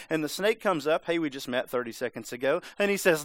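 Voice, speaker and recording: A man's voice: sits high, animated, brisk, few pauses, a bit bright, no echo. A man preaching a sermon in a conversational, emphatic way, sometimes acting out voices. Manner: conversational, emphatic, acts out the serpent's lines.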